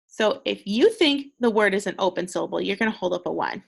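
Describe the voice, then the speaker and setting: A woman's voice: mid-range voice, animated, brisk, gravelly, husky. A young woman teaching second graders a recorded phonics lesson, patient and encouraging, sounding out words with care.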